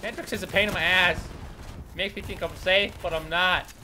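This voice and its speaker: A man's voice: high-pitched, fairly even intonation, moderate pace, background noise. A man doing let's play commentary, swearing and complaining at the game as he plays. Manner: profane, exasperated, yelling at the game. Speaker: gaming YouTuber.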